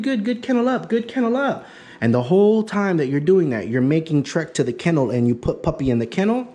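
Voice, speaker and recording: Emphatic male dog trainer, higher voice. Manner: emphatic, repetitive teaching, acts out excited praise. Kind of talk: in-home consultation.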